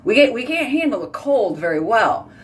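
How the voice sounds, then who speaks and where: A woman's voice: fairly high pitch, big pitch swings, normal speed. A woman from Houston with a Texan accent, chatting casually at home by her sink as a vlog host, bubbly and rambling. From Houston, Texas. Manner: bubbly, rambling, says y'all a lot.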